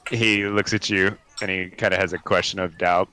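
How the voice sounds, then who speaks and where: Low-voiced, bright-toned male DM, laid-back with filler-heavy narration. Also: level tone, normal speed, smooth. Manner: laid-back, laughs often, many fillers. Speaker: dungeon master. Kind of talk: narrating a tabletop game over voice chat.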